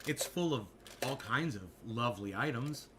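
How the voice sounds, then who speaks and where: A man chatting casually with his audience, telling stories in an animated way with a lot of swearing and joking asides. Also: mid-range voice, normal speed, background noise. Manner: animated storytelling, frequent swearing, jokey mock-advert asides. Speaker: streamer. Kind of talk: casual rambling chat.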